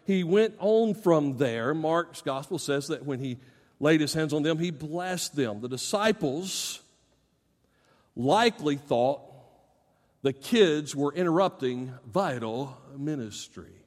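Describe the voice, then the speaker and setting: A middle-aged man preaching in a big church, his fairly high voice ringing with long reverb. He talks straight to the parents in the pews, pressing hard on key words, then dropping low and quiet. His delivery is earnest and personal. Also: expressive, slow pace. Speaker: pastor. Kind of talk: sermon. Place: church sanctuary.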